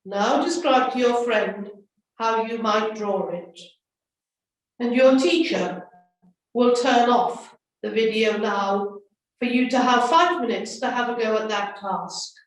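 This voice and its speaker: A high-pitched woman speaks slowly and gently to schoolchildren, guiding them through an assembly activity. Her voice sits back from the mic in a very echoey room. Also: recorded from a distance. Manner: slow, gentle instructions to children. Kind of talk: children's assembly talk.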